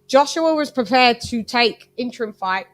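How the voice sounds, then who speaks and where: A woman talks boxing in a loose, chatty livestream. She wanders between points and talks straight to her viewers in a fairly high voice. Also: lively intonation, normal speed. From Britain. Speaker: boxing channel host. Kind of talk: casual livestream commentary.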